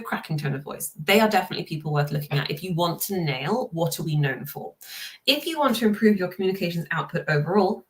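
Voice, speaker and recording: A woman explaining things as a guest consultant in a casual interview chat, articulate, with quick asides. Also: lowish voice, a bit bright.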